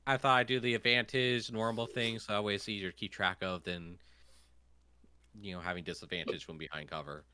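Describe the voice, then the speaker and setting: A man's voice: lowish voice, fairly even intonation, a little fast, bright, forceful tone, clean tone. A man narrating as game master, rambling with lots of fillers.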